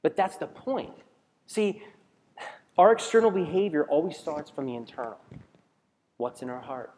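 His voice sits a little high and a little mellow, with a sing-song lilt at normal speed. As a pastor giving a conversational sermon, he poses questions to the congregation and repeatedly begins sentences anew, recorded amid a large hall's long reverb.

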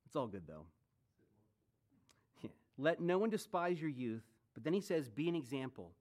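A man in his late forties preaches to his congregation in a relaxed, chatty way. His voice sits a little high for a man. He mixes Bible teaching with joking asides and questions to the room. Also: normal speed. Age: 40s. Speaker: pastor. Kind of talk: sermon.

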